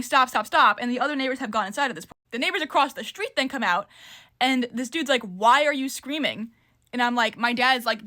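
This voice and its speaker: A woman's voice: fairly high pitch, bright, forceful tone. A young woman telling a story casually to camera, rambling with lots of fillers. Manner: rambling, filler-heavy retelling.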